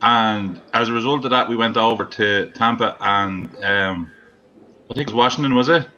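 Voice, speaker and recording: A man's voice: lowish voice, moderate pace, pushed and bright, highs cut off. A man with an Irish accent, a musician guest, telling a teasing, good-humoured story in casual chat.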